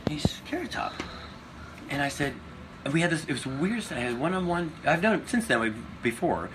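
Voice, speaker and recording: Casting: man in his 50s, comedian guest, fast-talking, loose and profane, noisy recording. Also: fairly high pitch. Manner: animated, profane storytelling with many restarts. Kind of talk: casual interview chat.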